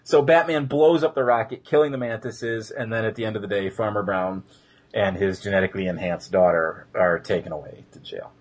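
This podcast co-host reviews episodes, and here he rambles through a retelling of one, leaning heavily on fillers in relaxed conversation. His voice sits fairly low and he talks at a fairly quick clip.

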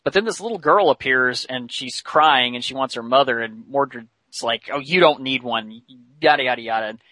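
A man's voice: mid-range voice, a little fast, pushed and bright, dry recording. A man casually retelling a cartoon episode as podcast host, chatty with many fillers. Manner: chatty, many fillers, laughs while telling.

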